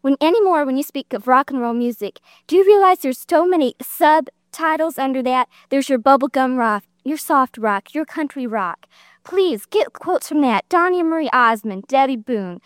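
Woman, high voice, polite, pleading audience question, dry sound. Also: lively intonation, normal speed, dry recording. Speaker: audience member. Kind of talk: public debate question.

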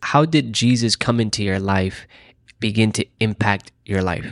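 A man's voice: lowish voice, moderate pace, no room sound. A man interviewing a guest, prompting her in an encouraging way. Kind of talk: interview question.

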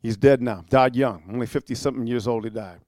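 A preacher giving a fiery sermon, firing off rebukes and rhetorical questions with repeated "amen" and "huh", moving between quiet storytelling and loud warnings. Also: male voice, medium pitch, fast, dry recording.

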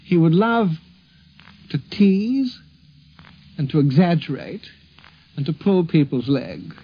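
Brief: man, fond archival storytelling, slightly high husky voice, dull lo-fi recording. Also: big pitch swings, slow. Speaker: interviewee recalling childhood. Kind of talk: archival reminiscence.

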